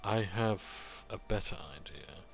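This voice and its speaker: Man voicing a menacing priest villain, slow and deliberate, low voice. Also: animated, gravelly, soft background music, heavily acted. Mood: cold menace. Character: cold, cruel middle-aged male priest villain.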